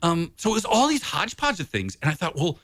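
A man's voice: fairly high pitch, huge pitch swings, quick pace, a bit bright, no echo. A man, a blues musician, chatting casually in an interview and rambling in a laid-back way with lots of filler. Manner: rambling and laid-back, heavy on "you know" and "dude".

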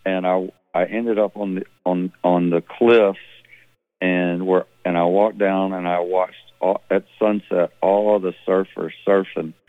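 Male musician on a tinny phone line, low voice, rambling storyteller. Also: unhurried, no echo. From Mississippi. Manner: rambling, relaxed, with many restarts. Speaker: musician guest. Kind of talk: phone interview, casual storytelling.

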